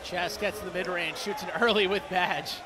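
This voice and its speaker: Male play-by-play caller, high voice, upbeat and stat-heavy, game noise clearly behind. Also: steady tone. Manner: upbeat, quick stat call-outs. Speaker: play-by-play commentator. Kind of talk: esports play-by-play commentary.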